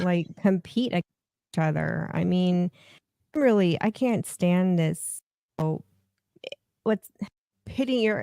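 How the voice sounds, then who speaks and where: A woman's voice: on the low side, gravelly, dark tone, dry recording, studio quality. A woman co-hosting a casual livestream chat, outspoken and opinionated, often breaking into laughter. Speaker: co-host.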